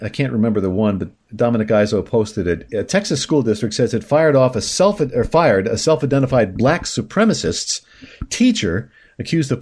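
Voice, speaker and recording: A man's voice: mid-range voice, darkish tone. A man hosting a talk show, reading news items aloud and breaking in with sarcastic, indignant asides. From upstate New York. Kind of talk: opinionated news commentary.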